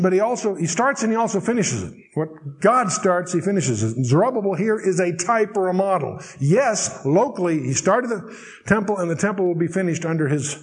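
A man leads a verse-by-verse Bible study in a fairly high voice. He reads the old scripture slowly and with weight, then drops into easygoing, dry-humored explanation. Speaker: Bible teacher.

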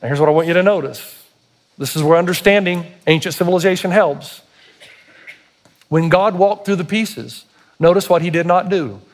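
A man's voice: high voice, normal speed, pauses often. A man preaching a sermon, building to emphatic, intense passages and acting out quoted prayers and speech. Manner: acts out quoted prayers and God's words. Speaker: pastor.

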